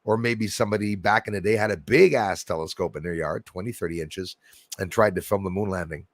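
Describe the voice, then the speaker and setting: A man's voice: sits low, brisk, no echo, clean studio sound. A man vlogging space news, reading headlines aloud and rambling into skeptical asides, often restarting his sentences.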